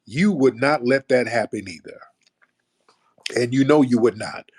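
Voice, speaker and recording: Combative husky male radio host. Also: a little slow. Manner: forceful, combative, mocks callers in a high put-on voice. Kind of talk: heated call-in commentary.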